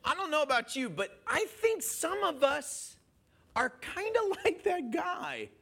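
A man preaching a sermon in an animated way, questioning his listeners and chuckling as he goes. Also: extremely high pitch, measured pace, creaky, a crowd in the background. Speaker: pastor.

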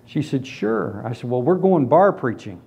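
A man preaching and giving his personal testimony, telling it as a lively story and acting out the other people in it. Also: mid-range voice, normal speed, creaky, slightly rough. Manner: animated storytelling, acts out voices. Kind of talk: testimony sermon.

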